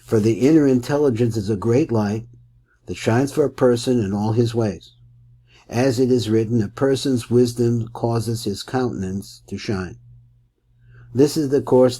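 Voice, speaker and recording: A man's voice: fairly low pitch, dark tone. A man teaching a Torah class, reading a text aloud and explaining it with Hebrew terms.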